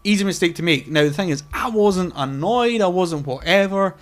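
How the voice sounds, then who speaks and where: A man's voice: sits high, normal speed. A man, co-hosting a casual podcast, telling a long story full of swearing and acting out what each person said. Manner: swearing storyteller, acts out quoted exchanges. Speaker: podcast co-host.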